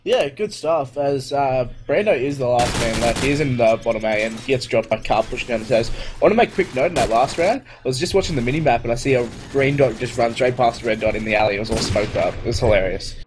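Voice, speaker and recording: A man doing live play-by-play commentary on a competitive shooter match, brisk and light-hearted, amused by blunders. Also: mid-range voice, noisy background. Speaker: esports shoutcaster.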